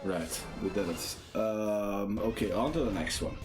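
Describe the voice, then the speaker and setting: Brief: male streamer, lowish voice, chatty and self-mocking, game music playing behind. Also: measured pace. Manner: chatty, self-deprecating, thinking aloud to viewers. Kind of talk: casual live gameplay commentary.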